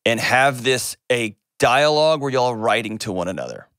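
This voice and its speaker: A man's voice: medium pitch, lively intonation, moderate pace, a bit bright, clear, resonant tone, dry recording, clean studio sound. A middle-aged man hosting a call-in advice show, speaking earnestly and emphatically, often repeating words for weight.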